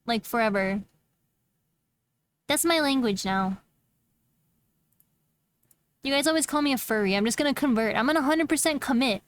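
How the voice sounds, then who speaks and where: A woman's voice: fairly high pitch, animated, normal speed, long pauses. Playful giggly woman streamer. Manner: playful, giggly, mock-dramatic. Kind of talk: casual live-stream chat.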